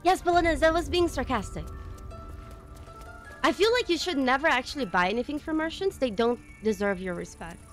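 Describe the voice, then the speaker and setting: A woman streaming a game live, reacting excitedly, swearing, and thanking viewers in casual chat. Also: high voice, fairly quick, faint music behind. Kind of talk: live gameplay commentary.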